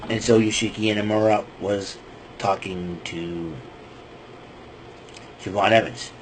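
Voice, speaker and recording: A man's voice: on the low side, fairly even intonation, measured pace, a little hiss or hum, low-quality recording. A man hosting a podcast, casually retelling wrestling events in a loose, rambling way with lots of fillers and restarts. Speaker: podcast host.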